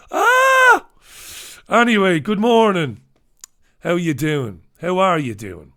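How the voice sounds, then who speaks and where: A middle-aged man from the UK hosts a casual solo livestream in a fairly high voice. He greets viewers by name and talks in a loose, irreverent way, swearing freely. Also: sing-song, unhurried, fairly bright tone. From United Kingdom. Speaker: host.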